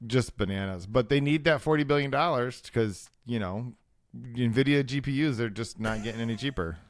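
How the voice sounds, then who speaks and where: A man's voice: mid-range voice, normal speed, dry recording, clean studio sound. A man co-hosting a tech podcast in casual chat, wry and rambling, often correcting himself mid-sentence. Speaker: podcast co-host.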